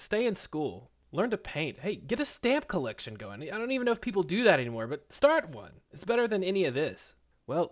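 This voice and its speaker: A man in his thirties telling a story in a casual, slangy, animated way, full of exclamations. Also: on the high side.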